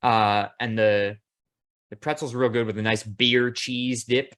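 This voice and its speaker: A man hosting a casual podcast, talking in a relaxed, easygoing way and swearing casually. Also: mid-range voice, measured pace. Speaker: podcast host. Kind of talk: casual chat.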